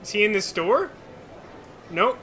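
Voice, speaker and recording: A man's voice: sits high, big pitch swings, unhurried, sharp tone, a little hiss or hum. Joking man streaming a game. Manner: joking, rambling, talks to viewers. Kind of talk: casual live-stream commentary. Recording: game music playing behind.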